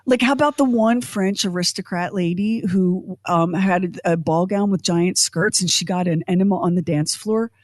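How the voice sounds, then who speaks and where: A woman's voice: fairly low pitch, normal speed, few pauses, darkish tone, dry recording, studio quality. A woman hosting a podcast, talking in a chatty, rambling, self-deprecating way. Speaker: podcast host. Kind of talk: casual chat.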